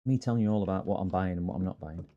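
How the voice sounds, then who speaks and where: In a low, dark voice that races along, a man from Scotland chats on a live stream while fixing computers. His broad accent carries casual greetings to viewers and meandering stories, and the audio sounds dull.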